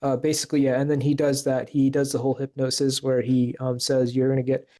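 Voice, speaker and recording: A man co-hosting a casual podcast chat, his voice warm and mellow. He talks hesitantly, circling back with fillers and restarts as he works through his point. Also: medium pitch, little pitch movement, a little fast. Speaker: podcast co-host.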